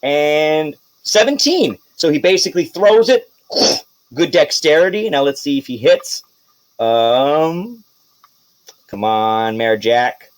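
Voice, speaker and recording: A man narrating a tabletop game as game master, in a relaxed, rambling way with fillers and quick bursts. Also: on the high side, no room sound, rough recording.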